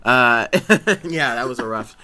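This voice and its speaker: A man's voice: mid-range voice, unhurried, pushed and bright. A man co-hosting a casual podcast over a call, rambling, laughing often, and stammering and repeating his words. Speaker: podcast co-host. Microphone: remote call.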